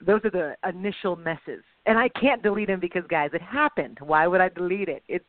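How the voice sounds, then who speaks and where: A woman co-hosts a casual podcast, talking fast and animated and poking fun at herself. Her voice comes through a tinny phone line with no room sound. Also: lowish voice, dry recording. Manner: chatty, animated, self-deprecating. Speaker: podcast co-host. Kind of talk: casual chat.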